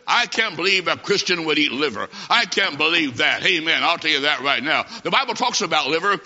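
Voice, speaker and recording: A man preaching a humorous sermon, telling a comic story and acting out the dialogue with lively timing. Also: fairly high pitch, fairly quick, few pauses. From half Italian. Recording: dull recording in a long-echoing hall.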